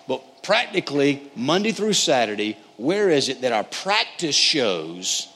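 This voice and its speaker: A male Bible teacher who talks his group through a passage earnestly and casually. His voice sits at a middle pitch. It carries a long hall reverb, with faint noise underneath. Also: fairly bright tone. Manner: earnest, conversational, addresses listeners as guys. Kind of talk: sermon-style Bible teaching.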